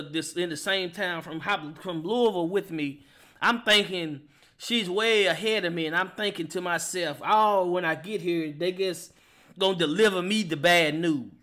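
A man in his forties telling a personal testimony as a podcast host, emotional and halting, often repeating words as he speaks. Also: fairly high pitch, sharp tone. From Kentucky. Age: 40s.

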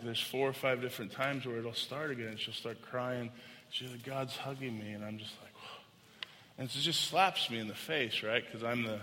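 A man's voice: mid-range voice, sharp tone. A man preaching a sermon as pastor, earnest and conversational, telling a personal story to his congregation. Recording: long hall reverb.

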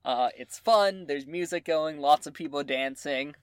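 A young adult runs a tabletop role-playing game at a mid pitch, in a loose, unhurried style full of "uh" fillers. The voice is recorded dry and close, with no room sound around it. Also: clear, resonant tone, dry recording. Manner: relaxed, with frequent "uh" fillers. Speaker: game master.

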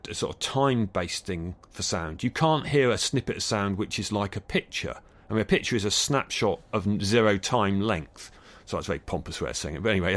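A man with a Bristol English accent speaks in a fairly low voice. He answers interview questions thoughtfully, pausing and restarting his sentences often. He is recorded in a studio. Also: a bit bright. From England. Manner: thoughtful, hesitant with many restarts. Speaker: acoustics scientist guest.

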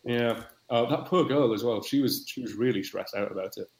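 A man's voice: medium pitch, a little fast. A man, a podcast guest chatting in a wry, rambling way. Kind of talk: casual podcast chat. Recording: echoey room.

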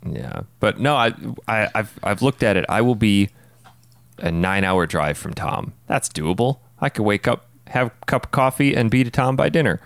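Very deep, gravelly man joking around. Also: lively intonation, normal speed, dry recording. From Wisconsin, USA. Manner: jokey, laughs at his own lines. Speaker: podcast co-host. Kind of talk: casual chat.

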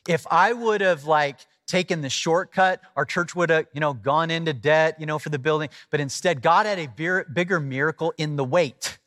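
A middle-aged man preaches in a relaxed, conversational way. He tells his story with lively, animated delivery and acts out the quotes. His voice sits a little high, and the recording is close and dry. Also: moderate pace, few pauses, no echo. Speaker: pastor. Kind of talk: storytelling sermon.

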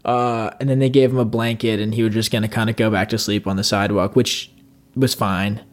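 A podcast co-host tells a long anecdote in casual storytelling chat, rambling and animated, acting out the people in it with yelled voices. His voice sits on the low side and he talks briskly.

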